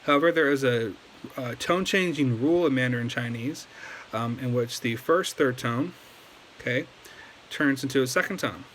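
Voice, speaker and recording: Recorded at a desk as he moves around in his chair, a language learning video host teaches a casual lesson on camera. His medium-pitched, slightly bright voice keeps a moderate pace, full of fillers and restarts, over slight background noise.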